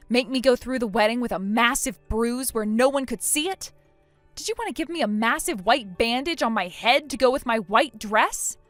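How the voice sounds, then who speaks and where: A woman's voice: fairly high pitch, dry recording, lightly acted. A woman voicing a furious, injured young bride who speaks in a cold, scornful and firm way. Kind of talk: text-message story voice acting.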